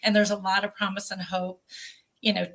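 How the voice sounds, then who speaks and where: A woman's voice: medium pitch, little pitch movement, a little fast, fairly bright tone. A woman in her forties, a podcast guest telling an emotional personal story earnestly, with many fillers.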